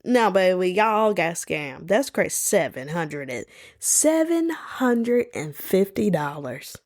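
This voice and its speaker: A woman hosting a solo podcast, telling stories in a sassy, animated way. She talks casually, saying "y'all" and "baby", and puts on playful voices when she quotes people. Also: on the low side, slow pace. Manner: colloquial, says "y'all" and "baby". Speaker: podcast host.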